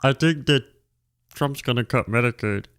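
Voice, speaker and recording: A man voicing a meek, timid young man who pleads softly and apologizes in halting phrases. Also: medium pitch, clean tone, lightly acted.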